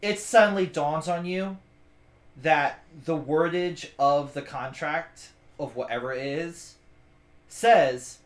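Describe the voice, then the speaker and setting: Game master with a higher voice, echoey room. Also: male voice, takes it slowly. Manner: explains rules, thinks aloud with restarts. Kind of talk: running a tabletop game.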